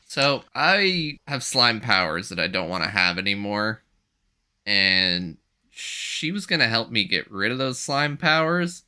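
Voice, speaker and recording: A man's voice: on the low side, sing-song, unhurried, sharp tone, clean tone. A man playing a tabletop game, speaking earnestly in character. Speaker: player.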